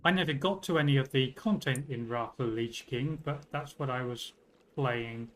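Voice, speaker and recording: A man's voice: mid-range voice, moderate pace, a bit bright, poor audio. A man from Britain with a British accent, chatting casually and self-mockingly on a game livestream, swearing now and then. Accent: British English. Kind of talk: casual gaming stream chat.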